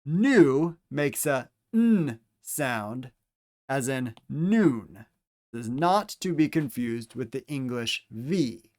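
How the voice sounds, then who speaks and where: A man leads a Greek pronunciation lesson at a very unhurried pace, saying each letter and example word twice so listeners can repeat after him. His voice sits at an ordinary middle pitch, and his delivery is careful and measured. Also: expressive, darkish tone. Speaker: Greek teacher. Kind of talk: slow instructional pronunciation lesson.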